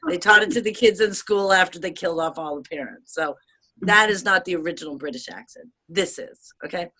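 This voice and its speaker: In a casual conversation, an American woman with a bright, clear voice pitched on the low side talks a little fast. She's animated and rambling, restarts her sentences, laughs a lot and swears freely.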